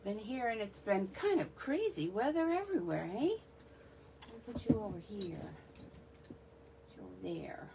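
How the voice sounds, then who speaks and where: A woman's voice: mid-range voice, very animated, a little slow, vocal fry, long pauses, background noise. A woman from the northeastern United States hosting a casual live stream from her home craft room. She chats in a rambling way and greets viewers by name.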